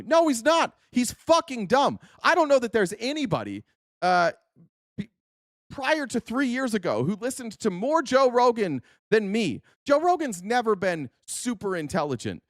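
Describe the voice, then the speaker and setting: Reacting to clips on his podcast, a man with a notably high speaking voice unleashes a furious political rant full of profanity and insults. He speaks in a sing-song way at a moderate pace. The sound is dry and close, with no echo and hardly any room around it.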